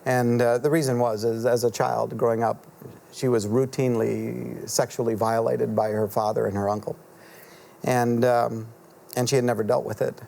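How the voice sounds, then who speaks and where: A middle-aged man, an author guest in a TV studio interview, telling a story in an earnest, halting way with many fillers and restarts. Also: mid-range voice, little pitch movement, gravelly, mellow.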